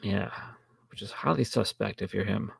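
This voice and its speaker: Gravelly low-key man. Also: normal speed, no room sound. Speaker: podcast co-host reviewing films. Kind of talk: casual chat.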